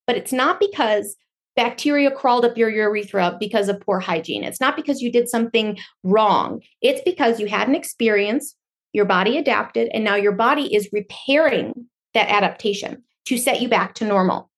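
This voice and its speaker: A woman in her thirties, a podcast guest, explaining at length in a lively, conversational way and acting out quoted inner voices. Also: medium pitch, moderate pace. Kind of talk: explanatory interview talk.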